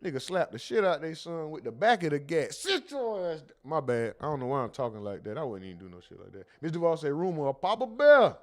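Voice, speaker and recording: A man hosting a casual commentary livestream, reading the chat aloud and bantering in loud, laughing, slangy outbursts. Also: on the high side, sing-song, quick pace, few pauses.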